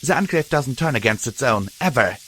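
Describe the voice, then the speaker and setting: A man's voice: mid-range voice, lively intonation, a little fast, fairly bright tone, natural voice. A man doing a scornful, bitter mare soldier. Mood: scornful, hostile. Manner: hissing, scornful. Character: hostile older mare soldier, proud and bitter.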